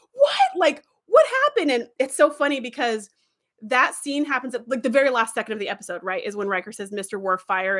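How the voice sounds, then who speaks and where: A middle-aged woman in casual conversation, her voice sitting a little high. She tells stories with energy and jumps into acted quotes along the way. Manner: animated storytelling with acted-out quotes. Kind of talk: casual enthusiastic chat.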